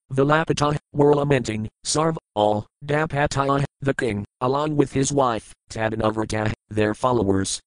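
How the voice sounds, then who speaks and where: A man reading scripture verses aloud, giving each word's meaning and then the translation in a measured, deliberate recitation. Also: mid-range voice, no room sound, poor audio. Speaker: scripture reader.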